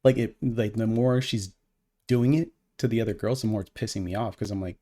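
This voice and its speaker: A man's voice: fairly low pitch, fairly even intonation, fairly quick, dark tone. A man co-hosting a podcast, telling a heated story in casual, profane chat. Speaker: podcast co-host.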